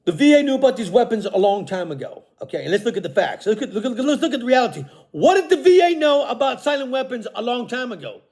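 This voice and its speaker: High-voiced man in an angry profane rant. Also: big pitch swings, fast talker, hardly any pauses. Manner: profane, accusatory, repeats "okay?" and "all right?" tags; swings between shouting and low muttering. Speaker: vlogger. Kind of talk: angry confrontational monologue.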